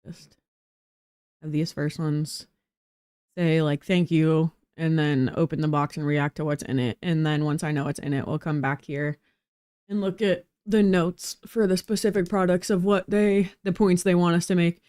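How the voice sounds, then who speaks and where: A woman's voice: low voice, fairly even intonation, moderate pace, mellow, smooth, no echo, clean studio sound. A young woman chatting casually and half to herself, giggling now and then. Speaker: girlfriend reviewing brand videos. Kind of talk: casual chat.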